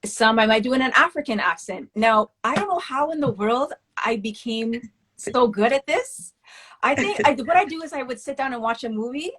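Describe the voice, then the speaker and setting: Candid, animated woman interview guest. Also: a little high, moderate pace, slightly rough. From West Indian family. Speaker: guest, children's book author. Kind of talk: casual interview talk.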